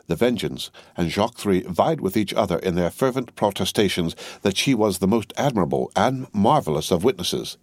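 A man narrating a classic novel as an audiobook in a measured, even reading style. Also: low voice, no room sound, studio quality. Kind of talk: scripted narration.

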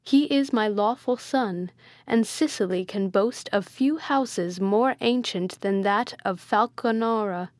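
A woman's voice: mid-range voice, slow, dry recording, lightly acted. A woman reading the part of a devout old male friar who pleads with emotion in a raised voice. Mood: pleading.

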